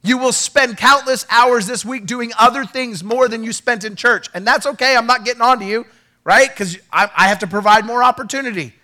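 A male pastor preaches a lively sermon in a high, bright voice. He acts out the people in his stories and swings from hushed, earnest lines to loud, excited ones. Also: fairly quick. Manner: animated preaching, acts out quoted dialogue, rising to shouts.

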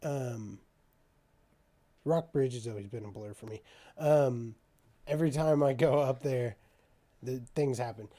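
A man's voice: mid-range voice, measured pace, long pauses. A young man telling a rambling, profane story in casual chat, acting out the other people's lines. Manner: profane, animated storytelling with quoted dialogue.

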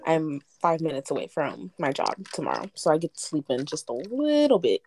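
Low-voiced rambling young woman. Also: a little fast, slight background noise. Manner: relaxed, rambling, full of fillers. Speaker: podcast co-host. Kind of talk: casual chat.

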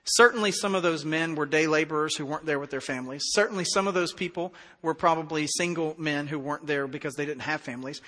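Bright high-voiced male preacher. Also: quick pace, hardly any pauses, in a large hall. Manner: conversational, animated preaching with acted-out dialogue. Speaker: pastor. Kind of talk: sermon.

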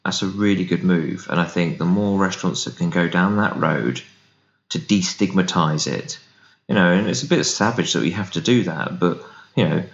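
A man's voice: low voice, moderate pace, gravelly. A man, a business founder, chatting casually as an interview guest and acting out what people said to him. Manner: animated storyteller, acts out quoted voices. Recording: roomy, dull remote recording.

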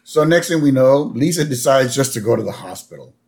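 Lively-voiced man narrating an episode recap. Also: fairly quick, creaky. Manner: narrates scenes step by step, with lively pitch. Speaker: podcast co-host. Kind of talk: casual episode recap chat.

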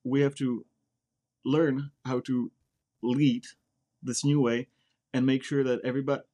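A Czech man from the Czech Republic, an Air Force member and a native Czech speaker, appears as a guest in a casual interview chat. His medium-pitched voice is level, dark and a little slow, and he talks bluntly and directly, often repeating words.

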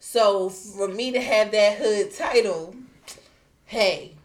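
A woman's voice: mid-range voice, slow. A young woman from the Baltimore area with a Baltimore accent, co-hosting a casual podcast and telling stories with frequent laughs. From Baltimore area, USA. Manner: storytelling, laughs often, animated. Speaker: podcast host. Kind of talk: casual chat among cousins.

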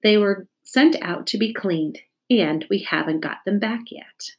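A woman voicing a cheerful, odd female schoolteacher who makes bright announcements in a storybook reading. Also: medium pitch, a little slow, natural voice.

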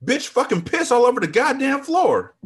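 A man voicing an outraged club manager who yells bluntly in a storybook reading. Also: very high-pitched, wildly swooping pitch, normal speed, voice pushed up, heavily acted. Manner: shouting, indignant.

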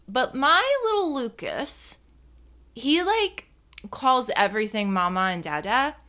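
Young woman, casual host, bright and punchy tone, chatty and profane. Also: fairly high pitch. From New Jersey. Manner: chatty, profane, rambling with many fillers. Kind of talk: casual storytelling monologue.

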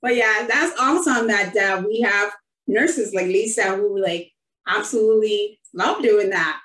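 A woman nurse hosts an online interview show, speaking a little slowly in a mid-range, slightly bright voice. She talks casually and effusively with lots of fillers, and the recording sounds roomy and distant from the mic.

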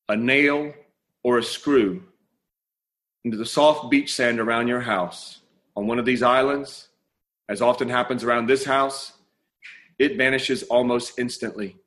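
A man's voice: medium pitch, a bit bright. A man preaching a sermon, telling a parable and then praying, with earnest, dramatic pacing and emphatic repetition. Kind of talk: sermon storytelling.

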